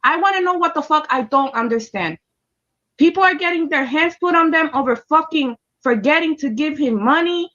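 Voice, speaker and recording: A woman's voice: high-pitched, expressive, normal speed, fairly bright tone, dull audio. A woman telling a personal story in a casual, emphatic and heated way, with heavy swearing. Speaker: storyteller recounting a personal experience.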